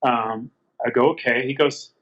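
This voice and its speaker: A man's voice: medium pitch, steady tone, measured pace, a bit bright. Man retelling calls over dull lo-fi audio. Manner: retells phone calls with quoted back-and-forth dialogue. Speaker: interview guest. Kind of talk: casual storytelling interview. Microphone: remote call from a garage.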